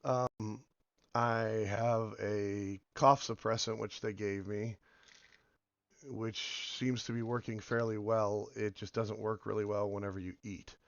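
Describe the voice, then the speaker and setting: A man with a hoarse voice from being sick, rambling casually as he comments on a game and drifts between topics. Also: on the low side, little pitch movement, slow pace, no echo, dull audio. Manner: rambling, meandering, many fillers. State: hoarse from illness. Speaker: game video host.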